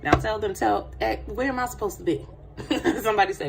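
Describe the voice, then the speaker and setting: A woman hosting a tarot livestream, animated and laughing with viewers, dropping to a soft voice to pray. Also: medium pitch, brisk, gravelly, a little hiss or hum. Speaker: tarot reader and livestream host. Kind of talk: livestream chat with prayer.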